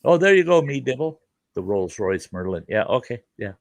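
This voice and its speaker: A middle-aged show host rambles through a childhood story in a folksy, casual way, peppered with fillers like "you know." His mid-range voice is sing-song and gravelly at normal speed, in a dry recording.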